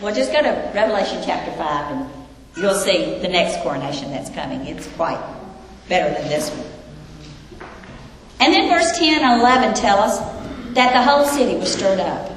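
A woman's voice: mid-range voice, sing-song. Emphatic woman preaching in an echoey hall. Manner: emphatic, rhetorical questions, dramatic pauses. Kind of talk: sermon. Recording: echoey hall, faint background noise.

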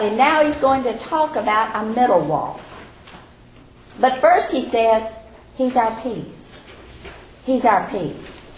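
Animated woman preaching in an echoey room. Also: a little high, slight background noise. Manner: emphatic, slows down for key phrases. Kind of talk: expository sermon. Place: church or classroom with a board. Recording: echoey room with faint ambience.

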